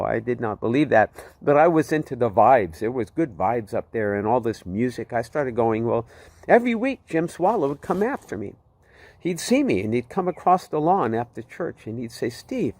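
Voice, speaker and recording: A man's voice: mid-range voice, a little mellow, no room sound. A man giving a heartfelt personal faith testimony, rambling with many fillers as he tells his story. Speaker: testimony speaker.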